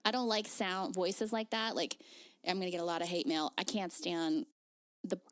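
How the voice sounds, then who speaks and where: A woman's voice: fairly low pitch, fairly even intonation, moderate pace, no room sound, clean studio sound. A woman co-hosting a casual podcast, frank and prone to groaning sighs. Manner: frank, groaning "ugh" when annoyed. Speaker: podcast co-host.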